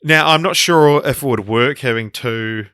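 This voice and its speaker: A man's voice: mid-range voice, normal speed, pushed and bright, smooth, no room sound, studio quality. A man co-hosting a casual film podcast, rambling through ideas with many ums and restarts. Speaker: podcast co-host.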